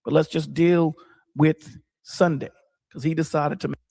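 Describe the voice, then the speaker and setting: A man who is a pastor, explaining his side in a casual debate with a measured, dryly sarcastic manner. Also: a little high, fairly even intonation, vocal fry, mellow, in a large hall. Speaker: pastor guest.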